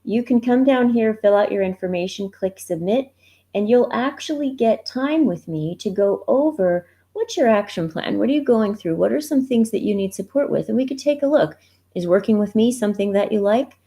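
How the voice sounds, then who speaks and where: A woman coach speaking on a live stream, gently walking viewers through her resources and talking about grief in a reassuring way that asks them questions. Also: mid-range voice, lively intonation, moderate pace. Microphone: computer mic, browser livestream.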